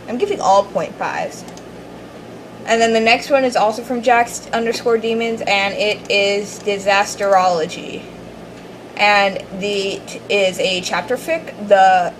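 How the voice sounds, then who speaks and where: In poor audio with slight background noise, a fanfiction reviewer speaks in a mid-range voice. She's young, bubbly and fangirling, rambling through her casual video review with many fillers and false starts.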